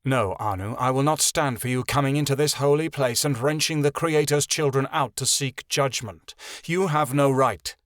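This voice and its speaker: A man voicing an older high priest and grandfather who speaks steadily and kindly, firm when challenged. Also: moderate pace, fairly bright tone, no echo, clean studio sound, natural voice. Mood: steady.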